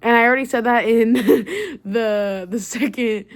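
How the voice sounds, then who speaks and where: Excitable young woman ranting casually. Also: on the high side, measured pace. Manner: excitable, swears freely, lots of fillers. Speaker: book vlogger.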